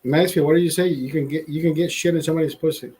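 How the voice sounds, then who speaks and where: Male streamer, voice a bit high, loose profane rambling, stammers and restarts, casual chat to viewers. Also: fairly even intonation, fast, warm tone, breathy edge, low-quality recording. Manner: laughs at own jokes. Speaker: livestream host.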